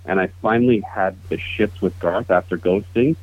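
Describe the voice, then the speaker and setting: A man in his fifties telling a profane, animated story to old friends over a call. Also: deep voice, moderate pace. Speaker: podcast guest. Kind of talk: casual storytelling. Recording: tinny phone-like call audio.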